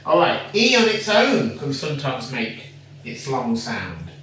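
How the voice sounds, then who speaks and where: A teacher giving a patient phonics lesson to a young child, sounding out words slowly and praising often. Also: mid-range voice, huge pitch swings, fairly bright tone, distant mic. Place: home room. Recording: echoey room, away from the mic, faint noise.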